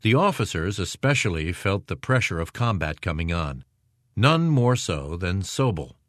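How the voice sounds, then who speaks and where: A man reading a nonfiction war history aloud as an audiobook narrator, measured and expressive. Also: sits low, no echo, studio quality. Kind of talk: scripted narration.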